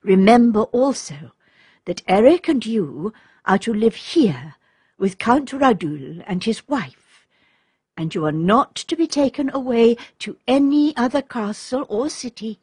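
A grave, tender princess speaks with a mother's sorrow, voiced by a woman reading a storybook. Her husky voice moves at an unhurried pace. It is recorded close and dry, with no room sound. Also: on the high side, expressive, a little mellow, no room sound, full character voice. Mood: sad, grave. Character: gentle, sorrowful young widowed princess mother.

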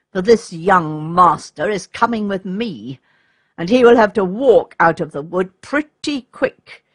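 A woman voicing a gruff, grumbling man who works as a forester, scolding in a storybook reading. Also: medium pitch, no room sound, studio quality.

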